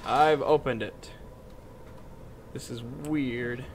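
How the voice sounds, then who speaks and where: A young man commenting on a game he is playing, with loud, jokey, excitable reactions. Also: medium pitch, very slow, a little hiss or hum. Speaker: gaming channel host. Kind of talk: let's play commentary.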